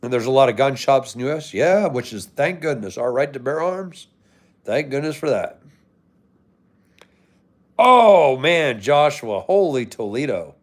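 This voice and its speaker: A man's voice: mid-range voice, lively intonation, unhurried, long pauses. An American man hosting a livestream, chatting casually with viewers in a laid-back way and swearing now and then. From United States. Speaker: livestream host. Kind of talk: casual live chat answering viewers.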